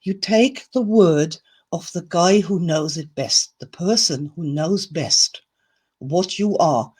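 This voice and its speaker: A woman's voice: fairly low pitch, takes it slowly, a little mellow, slightly rough. A woman teaching a self-help lesson in a chatty, playful, emphatic way. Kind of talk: recorded video lesson.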